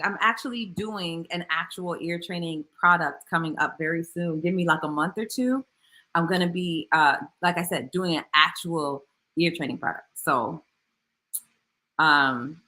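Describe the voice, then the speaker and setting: Woman vocal coach, casual livestream Q&A, bright tone, lively and slangy. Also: moderate pace. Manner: chatty and animated, drops into slangy asides; voice jumps much higher in playful bursts. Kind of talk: casual livestream Q&A, reading viewer comments.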